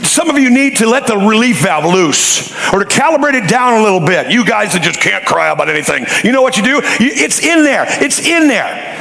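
A man preaching a sermon in a church, folksy and joking, telling animated stories to his congregation. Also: sits high, fast talker, vocal fry, few pauses, reverberant, rough recording. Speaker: pastor. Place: church sanctuary.

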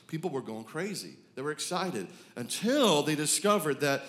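A man, preaching a sermon, moving from hushed reflection to loud, excited declarations. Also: medium pitch, moderate pace, hardly any pauses. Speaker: pastor.

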